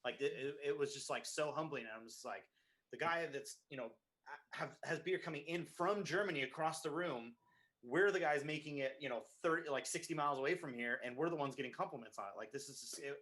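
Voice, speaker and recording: A man telling a story in casual chat, earnest and quick to laugh. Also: medium pitch, a bit bright. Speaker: brewery staff guest.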